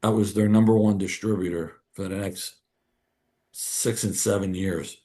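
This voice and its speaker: A man's voice: deep voice, measured pace. A man, a podcast guest telling a story and acting out the dialogue in it. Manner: animated, acts out quoted dialogue. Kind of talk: casual storytelling.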